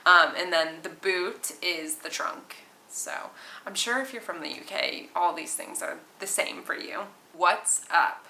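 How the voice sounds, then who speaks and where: Bright valley-girl woman in echoey room. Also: fairly low pitch, a little hiss or hum. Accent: Southern California valley girl. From California, USA. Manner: chatty, fast-flowing, many likes and oh my goshes. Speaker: flight attendant vlogger. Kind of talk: casual chat to camera. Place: small hotel quarantine room.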